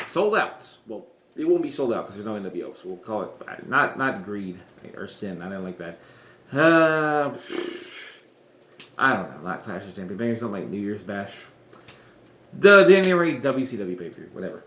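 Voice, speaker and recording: A wrestling podcaster chats casually about rebooking storylines, rambling and correcting himself amid chuckling asides. His voice sits on the low side with big pitch swings, a bit bright, at a moderate pace; the recording has roomy echo and slight background noise.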